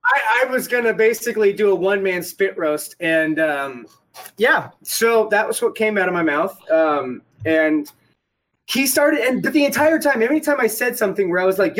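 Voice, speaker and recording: A man's voice: high-pitched, animated, normal speed, poor audio. A man casually telling a rambling, profane story about getting shot at an airsoft game. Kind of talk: casual podcast chat.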